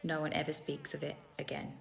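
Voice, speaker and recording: Low, gravelly woman telling a story. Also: completely flat delivery, a little fast. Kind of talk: casual storytelling to camera.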